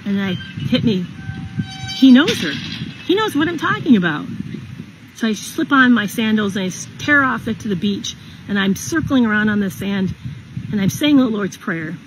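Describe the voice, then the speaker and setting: Middle-aged woman, personal storytime narrator, earnest and halting, plenty of restarts, mid-range voice. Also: medium pitch, expressive, slight background noise, rough recording.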